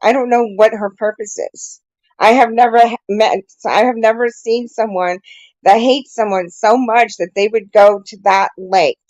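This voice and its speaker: A woman's voice: fairly high pitch, steady tone, moderate pace, a little mellow, no echo, dull audio. A woman calling in as a guest on a live show, speaking bluntly and frankly and swearing freely. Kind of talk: candid live call-in conversation.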